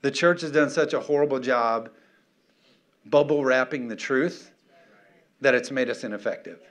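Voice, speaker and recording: A man's voice: medium pitch, normal speed, fairly bright tone. A middle-aged male pastor preaching emphatically, firing off rhetorical questions and calling for amens. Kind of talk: sermon.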